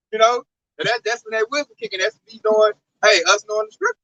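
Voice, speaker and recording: A man in a casual religious talk, preaching in an animated, profane way. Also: high-pitched, fast, dry recording, rough recording. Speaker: religious talk show speaker.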